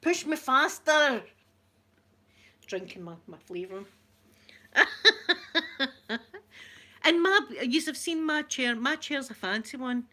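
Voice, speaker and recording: A Scottish woman vlogger chatting casually with her viewers, talkative and quick to laugh at herself. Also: high-pitched, animated, sharp tone. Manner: chatty, laughs often, self-mocking. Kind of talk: casual live-stream chat.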